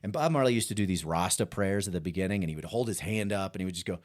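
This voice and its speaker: A male stand-up comedian telling a story as a podcast guest, animated and self-mocking, often laughing as he talks. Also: low voice, fast talker. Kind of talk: casual storytelling chat.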